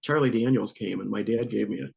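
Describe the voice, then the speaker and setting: A man's voice: lowish voice, fast talker, vocal fry, muffled recording. A middle-aged man from Northeast Ohio, a musician telling casual anecdotes with frequent laughter. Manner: laughs often, animated anecdotes with acted quotes. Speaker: musician guest. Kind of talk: casual storytelling.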